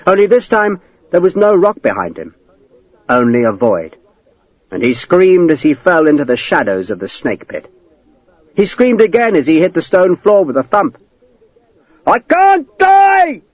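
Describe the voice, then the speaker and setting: Expressive male audiobook narrator. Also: a little high, moderate pace, no room sound, rough recording. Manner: dramatic, expressive reading. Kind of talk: scripted narration.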